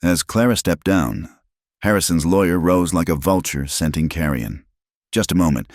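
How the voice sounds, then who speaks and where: Super deep guy narrating a western tale, dry close sound. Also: moderate pace, no echo. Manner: dramatic storytelling. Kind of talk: scripted narration.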